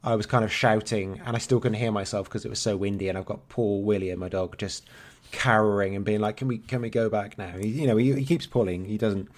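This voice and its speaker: Fast-talking man on a podcast. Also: on the low side. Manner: swears freely, chatty and rambling. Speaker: podcast co-host. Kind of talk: casual chat.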